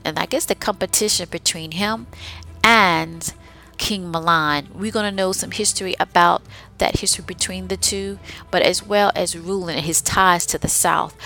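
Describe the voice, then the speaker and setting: A woman's voice: on the low side, a bit bright. A woman hosting a podcast, recapping her own short stories in a chatty, enthusiastic way with frequent asides to the listener. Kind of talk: casual recap.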